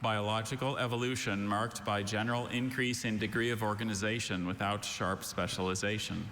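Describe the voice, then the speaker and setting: A man working as a spelling bee pronouncer, reading words and definitions with measured, precise enunciation in a large event hall. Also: fairly low pitch, steady tone, pushed and bright, slight background noise. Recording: long hall reverb.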